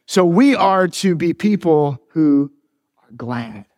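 A man's voice: a little high, animated, slow pace, a little mellow, dry recording, clean studio sound, big-room sound. A pastor in his forties, preaching a sermon in a church, mixing joking teases with earnest preaching. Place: church sanctuary.

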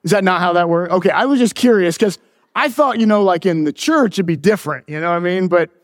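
A man's voice: sits high, fast talker, dry recording, clean studio sound, big-room sound. A pastor in his forties, preaching a sermon in a church, mixing joking teases with earnest preaching. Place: church sanctuary.

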